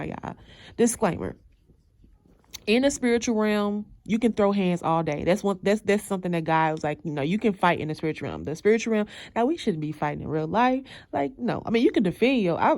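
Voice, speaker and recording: Storytelling woman, lowish voice, lively, acts out her lines, dry close mic. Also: fairly quick, dry recording. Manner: animated, acts out her own lines, laughs often. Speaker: host telling a dream. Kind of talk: casual storytelling.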